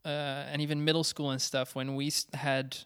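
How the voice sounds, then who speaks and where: A young man co-hosting a casual podcast chat, halting and thinking aloud with many fillers. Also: a little high, flat delivery, fairly bright tone, clear, resonant tone. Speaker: podcast co-host.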